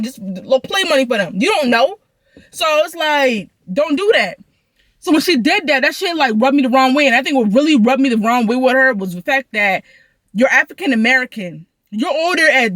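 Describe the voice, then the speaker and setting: A woman's voice: high-pitched, fairly bright tone, no room sound. A young woman venting through a profane, heated storytime rant. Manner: heated, profane, rapid ranting.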